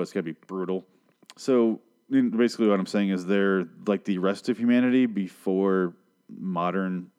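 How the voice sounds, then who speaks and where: A man with a fairly low voice talks through a show's episode on his own. He swears freely and drifts into sarcastic tangents. His delivery is loose and unscripted, like a casual podcast monologue. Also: a little mellow. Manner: profane, rambling, sarcastic. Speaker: podcast host recapping a TV show. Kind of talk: casual solo recap and rant.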